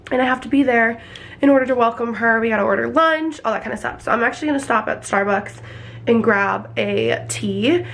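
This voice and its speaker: A woman's voice: on the high side, fairly quick, vocal fry, fairly bright tone. A young woman in her twenties chatting casually to camera in a sweary, filler-heavy vlog, feeling sick. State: sick and congested. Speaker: lifestyle vlogger. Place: at home indoors.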